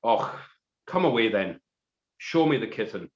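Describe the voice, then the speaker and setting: A man's voice: lowish voice, big pitch swings, measured pace, roomy sound, muffled recording. A man voicing a hunched, wheedling old crone in a comic story reading.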